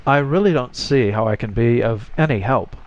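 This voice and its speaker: A man's voice: medium pitch, moderate pace, lightly acted. A man voicing a young man in love who answers with dry, good-humored wit, in a slightly muffled recording. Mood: wry.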